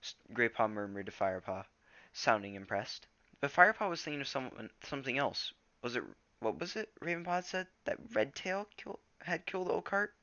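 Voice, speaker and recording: Man reading a storybook, casual, gravelly, bright tone, dull dry recording. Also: medium pitch, expressive, normal speed, no echo. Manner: casual, stumbling over words. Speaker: reader.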